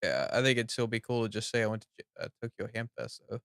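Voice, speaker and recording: A man's voice: lowish voice, lively intonation, fast talker, fairly bright tone, smooth, no echo, studio quality. A man joining a ham radio stream, making short, eager remarks in casual chat. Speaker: stream co-host or guest.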